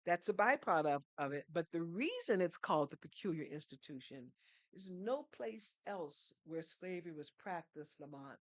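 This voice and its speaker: A woman's voice: lowish voice, animated, normal speed, no room sound. A woman, speaking as a podcast guest who tells her story in an earnest, teaching way and poses rhetorical questions. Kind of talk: storytelling conversation.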